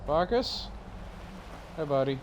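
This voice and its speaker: A man's voice: a little high, expressive, takes it slowly, music in the background. A tired young man streaming a game, rambling with lots of fillers and casual swearing. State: yawning, tired. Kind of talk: casual gameplay commentary.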